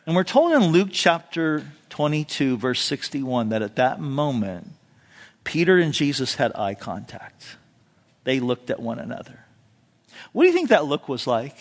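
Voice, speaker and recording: A man's voice: medium pitch, sing-song, unhurried. A male pastor preaching a sermon in a conversational storytelling way, dropping in "you know" asides and acting out quotes with a raised voice. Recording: long reverb of a large hall.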